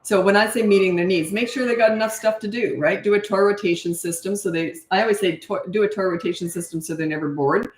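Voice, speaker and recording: A woman's voice: medium pitch, fast, few pauses. A middle-aged woman from Canada, a parenting coach, chatting casually on a live stream, laughing often and giving blunt, no-nonsense advice. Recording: echoey room.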